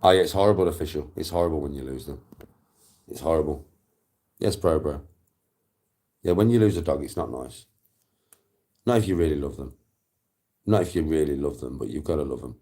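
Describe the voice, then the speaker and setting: A man with a very deep voice chats casually with his viewers. He swears freely and wanders through long, rambling anecdotes. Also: brisk, pauses often, dark tone.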